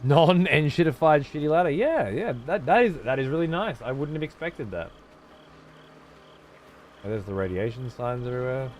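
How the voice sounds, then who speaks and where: A man's voice: mid-range voice, expressive, normal speed, slight background noise. A man giving casual gameplay commentary as a streamer, profane and sarcastic.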